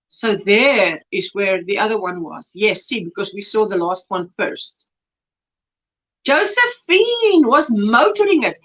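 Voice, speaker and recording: A woman hosting a crochet livestream, chatting casually, warmly reading out viewer comments and exclaiming over their work. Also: medium pitch, very animated, takes it slowly. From South Africa. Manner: effusive, reads chat aloud with exclamations and laughs. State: recovering from throat swelling. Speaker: livestream host. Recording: dull lo-fi livestream audio.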